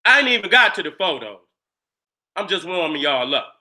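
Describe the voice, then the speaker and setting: A man giving a fiery, profane presentation. He talks emphatically, keeps checking in with his listeners and bursts into shouts to drive points home. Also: high voice, big pitch swings, normal speed. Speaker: lecturer.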